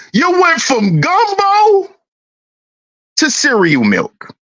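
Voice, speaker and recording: Slow, swooping woman host, teasing rhetorical rant, repeats herself. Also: fairly bright tone. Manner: teasing, sing-song, repeats questions; swings in pitch, drawn-out words. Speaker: channel host.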